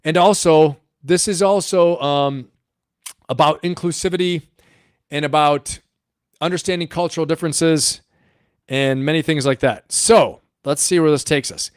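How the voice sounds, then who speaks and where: A man's voice: a little high, a little slow, clean tone, no room sound, clean studio sound. A middle-aged man hosting a livestream, telling a story in a rambling, profane way and laughing often. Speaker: livestream host and coach.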